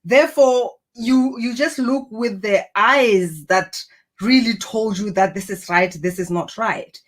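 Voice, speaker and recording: A woman's voice: fairly high pitch, a little slow. A woman giving an earnest, encouraging motivational talk to camera, reflecting on personality and purpose. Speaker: personal growth speaker.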